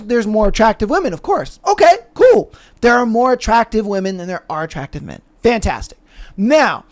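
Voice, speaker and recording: A man hosting a podcast, arguing his point emphatically with rhetorical questions. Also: sits high. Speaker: podcast host. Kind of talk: casual podcast commentary.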